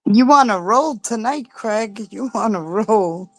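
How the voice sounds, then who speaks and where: A woman's voice: mid-range voice, animated, takes it slowly. A woman on a live panel chat, giving short, teasing, laughing replies. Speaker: panel guest.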